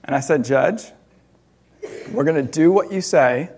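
A man preaching, telling a personal story in an animated way with laughter between loud and hushed moments. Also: on the high side, measured pace, a little hiss or hum.

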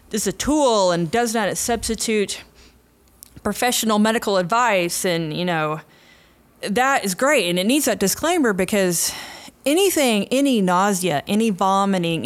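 Chatty woman with a slight lisp. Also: medium pitch. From United States. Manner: chatty, animated asides. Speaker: podcast co-host, nurse. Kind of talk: casual podcast chat.

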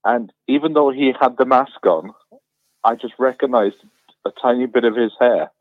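A man's voice: medium pitch, normal speed, no room sound. A man chatting casually on a radio show over a phone line, telling jokey everyday stories. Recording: tinny phone line, dry.

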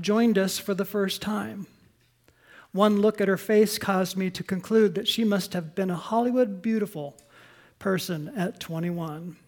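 Slow-speaking woman preaching a sermon. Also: medium pitch. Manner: earnest, emphatic preaching that drops to soft, quiet storytelling. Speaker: pastor.

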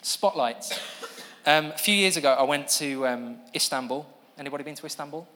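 A man's voice: fairly high pitch, fairly quick, bright, forceful tone. A man giving a sermon to a live audience, explaining earnestly and breaking off to ask for the next slide. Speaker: preacher. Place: church hall with an audience. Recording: long hall reverb.

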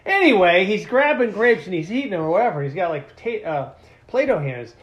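Lively, animated man chatting on a podcast. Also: brisk, muffled recording. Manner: animated storyteller, lively swings in pitch. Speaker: podcast co-host. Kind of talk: casual chat.

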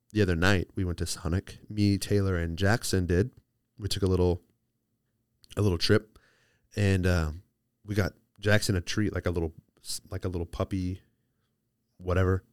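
Low-voiced man rambling on a podcast. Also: steady tone, moderate pace, long pauses, clear, resonant tone, no echo, studio quality. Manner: rambling, playful, restarts mid-sentence. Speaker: podcast host. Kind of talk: casual solo chat.

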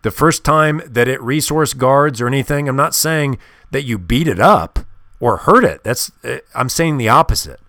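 A man's voice: medium pitch, animated, normal speed, fairly bright tone, no room sound, clean studio sound. A man hosting a podcast, talking in an emphatic and insistent way as he gives advice on dog training. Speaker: podcast host. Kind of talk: casual monologue.

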